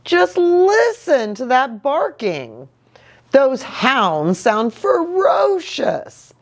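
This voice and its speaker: A woman's voice: sits high, sing-song, extremely slow, pitched above the performer's own voice, heavily acted. A woman voicing a fussy, protective mother cat who speaks emphatically and dramatically while reading a storybook aloud. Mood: dramatic.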